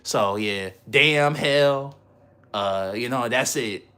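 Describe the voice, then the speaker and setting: A man's voice: medium pitch, slow, sharp tone, clean tone. A man chatting casually on a livestream, rambling in slang and laughing often.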